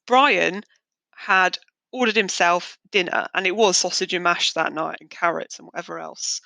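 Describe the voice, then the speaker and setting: A woman's voice: lowish voice, moderate pace, gravelly, bright, forceful tone, no room sound. A woman hosting a podcast, telling a long personal story in a chatty, rambling and darkly candid way. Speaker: podcast host. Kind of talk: casual storytelling monologue.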